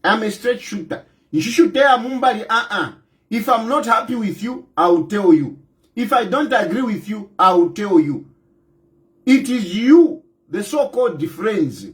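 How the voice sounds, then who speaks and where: A fired-up Zambian man with a Zambian accent speaks straight to his listeners about politics. His voice sits high for a man and swings widely, and he repeats each point for force. He slips Bemba phrases in among the English. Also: animated, unhurried. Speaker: political commentator. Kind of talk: impassioned direct-to-camera address.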